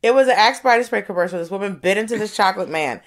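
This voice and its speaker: A woman's voice: medium pitch, lively intonation, racing. A young woman in casual conversation, telling stories animatedly, acting out quotes and swearing freely. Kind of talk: casual chat.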